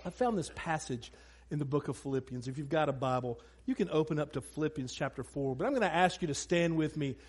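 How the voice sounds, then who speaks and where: A man's voice: fairly high pitch, quick pace, breathy edge. A man preaching a sermon to a congregation from a church stage. He tells funny family stories and talks directly to the crowd. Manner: animated, humorous storyteller who talks to the congregation. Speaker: pastor.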